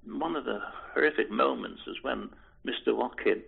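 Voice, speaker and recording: Elderly male interviewee, deep gravel in the voice, halting and repetitive reminiscence over a tinny phone-like line. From Liverpool, England. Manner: hesitant, restarts and repeats words, chuckles softly. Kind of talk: oral history reminiscence.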